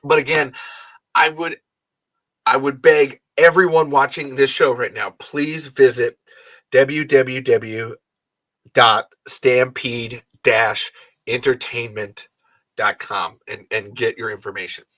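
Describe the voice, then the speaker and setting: A man's voice: medium pitch, steady tone, slow, a bit bright, dry recording. A man hosting a fan podcast, talking casually and rambling, frustrated and swearing often. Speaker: podcast host.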